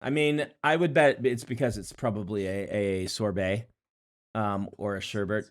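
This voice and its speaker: A middle-aged man co-hosting a podcast in casual chat, with playful banter full of quick self-corrections. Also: fairly low pitch, steady tone. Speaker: podcast co-host.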